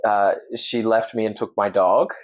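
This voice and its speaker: Speaking at a measured pace with fairly even intonation, an actor with an Australian accent and a lowish voice is a guest in a casual podcast interview. He's earnest and reflective, and tends to restart sentences.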